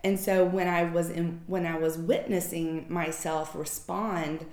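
A woman's voice: fairly low pitch, steady tone, unhurried, a little mellow. A woman candidly telling a personal story in an emotional, informal way, swearing casually. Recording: echoey room.

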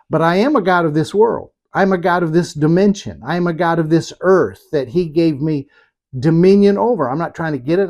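Emphatic preaching man, slightly high voice. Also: darkish tone. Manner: emphatic, rhetorical questions and repetition. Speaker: pastor. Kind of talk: sermon.

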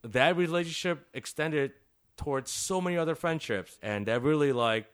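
A man's voice: on the high side, normal speed, clear, resonant tone. A middle-aged man, a visual artist, telling a story in a casual interview, swearing often and laughing through his sentences. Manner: profane, laughing, animated storytelling.

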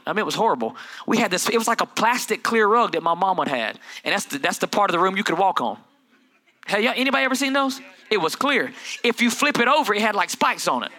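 High, bright-voiced preacher. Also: male voice. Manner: storytelling, voices family members, swings from low asides to loud preaching. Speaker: pastor. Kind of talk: sermon.

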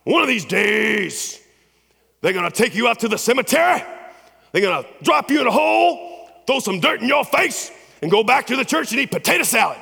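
A man putting on a fiery preacher who thunders at young graduates in a shouted, sing-song cadence. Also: very high voice, very animated, a little fast, creaky, breathy edge, pitched above the performer's own voice, heavily acted. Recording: long church hall reverb.

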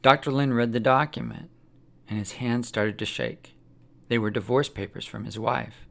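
A man narrating a religious story aloud in a plain, steady storytelling manner, with a gravelly voice. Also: medium pitch, moderate pace.

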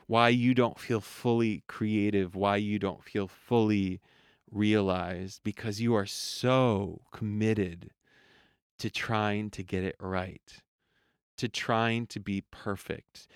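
A man giving a reflective motivational talk as a voice coach, slow and measured with repeated phrases that trail off softly. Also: on the low side, clear, resonant tone, no room sound, studio quality.

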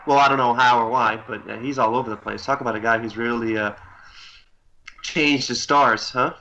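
A man co-hosting a podcast in casual chat, quick and teasing. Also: mid-range voice, steady tone, sharp tone, highs cut off. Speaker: podcast co-host.

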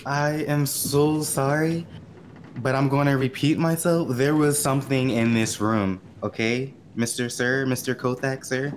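A man's voice: medium pitch, fairly even intonation, unhurried, a little hiss or hum, natural voice. A man voicing a flustered young female adventurer who nervously over-explains while deafened.

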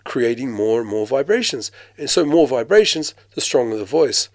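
A man raised in Australia talks about his acting career in a relaxed, conversational way. He gets animated and breaks into quick impressions, and he often restarts his sentences. His voice is mid-pitched and sounds close and dry. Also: no room sound. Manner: animated storyteller, mimics voices, frequent restarts. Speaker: actor, guest. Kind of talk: casual interview.

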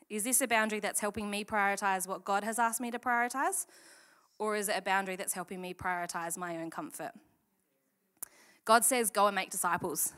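Woman, casual sermon, candid, chatty, animated quotes. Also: mid-range voice. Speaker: church speaker.

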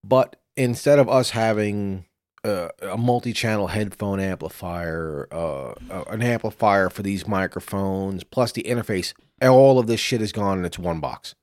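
A man co-hosting a podcast in casual chat, with a very deep voice and a rambling, profane way of talking. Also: normal speed, darkish tone, no echo, clean studio sound. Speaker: podcast co-host. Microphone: studio microphone.

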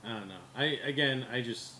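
A man's voice: mid-range voice, brisk, sharp tone. A man with a New Jersey accent, chatting casually as a podcast co-host, skeptical and chuckling. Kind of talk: casual chat. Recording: echoey room, faint background noise.

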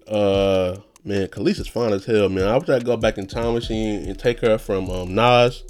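A young man hosting a casual solo podcast rant, rambling and profane, with sudden high-pitched outbursts. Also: normal speed, few pauses, a little mellow, soft background music. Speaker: podcast host.

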